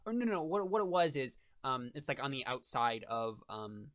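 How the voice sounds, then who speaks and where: A man's voice: mid-range voice, very animated, normal speed, fairly bright tone. A man narrating as game master of a tabletop role-playing game, rambling with lots of fillers and restarts.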